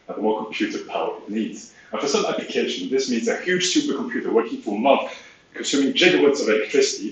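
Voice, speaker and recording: A man from Switzerland, a science competition finalist, giving a rehearsed talk in a dramatic, playful way. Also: lowish voice. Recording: distant, echoey and muffled.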